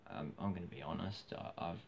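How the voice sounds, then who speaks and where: A hoarse man with an Australian accent, rambling casually in a live video monologue with many restarts. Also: sits low, expressive, fairly quick. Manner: rambling, frequent restarts and fillers. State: hoarse, losing his voice. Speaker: vlogger. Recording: dull lo-fi with faint hiss.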